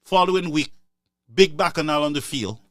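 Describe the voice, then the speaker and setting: A man's voice: fairly high pitch, normal speed, no echo, clean studio sound. A man giving impassioned political commentary, scolding listeners in a repetitive, sarcastic way.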